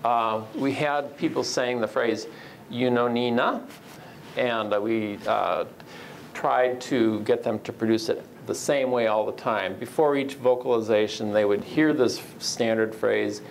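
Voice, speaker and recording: Gravelly-voiced man giving a lecture. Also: fairly low pitch, slight background noise, rough recording. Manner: measured, explanatory, frequent "uh" fillers. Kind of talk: academic lecture with slides.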